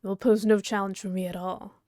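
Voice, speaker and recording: A woman's voice: mid-range voice, level tone, fairly quick, warm tone, dry recording, natural voice. Woman voicing a snobbish aristocrat troll man, prim, formal wording, dry recording. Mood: haughty. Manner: haughty, fussy, formal wording. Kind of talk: reading a webcomic aloud with voices.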